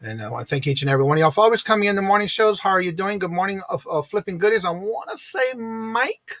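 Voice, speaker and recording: A man's voice: high-pitched, expressive, fast talker, a bit bright, no echo. A man hosting a live morning stream. He chats casually and greets his viewers one by one by name.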